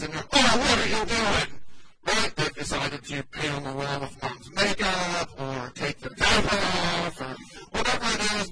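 A pastor preaches in a relaxed, conversational way and slips into the voices of the people in his examples. His voice sits a little high for a man. A loud wash of background noise runs under the recording in church. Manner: conversational, acts out quoted voices. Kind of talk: sermon.

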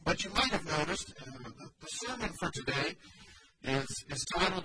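A man's voice: high-pitched, expressive, moderate pace, a loud crowd, rough recording. A man preaching a sermon in church, in a conversational way, often acting out the voices of the people he quotes. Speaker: pastor. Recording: loud background noise.

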